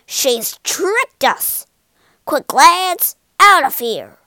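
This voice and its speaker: A woman doing a loud, sneering pirate captain. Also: a little high, sing-song, slow, no room sound, full character voice. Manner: gruff, loud and bossy.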